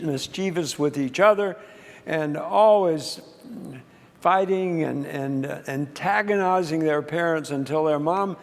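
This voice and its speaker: A pastor preaches a sermon in a church sanctuary, telling a story with frequent restarts and fillers. His voice is a little high and a little mellow, and the recording has long church reverb.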